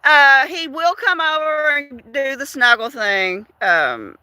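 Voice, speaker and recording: An older woman hosts a casual livestream, chatting in a gossipy way, laughing often and putting questions to her viewers. Her voice sits high and sounds expressive, slow, pushed and bright, with no room sound.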